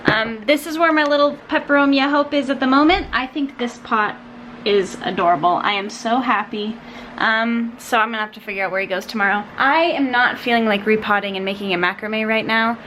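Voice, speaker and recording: A woman's voice: on the high side, fairly quick, a bit bright, a little hiss or hum. Chatty, bubbly young woman vlogging. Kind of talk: casual vlog talking to camera. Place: at home indoors.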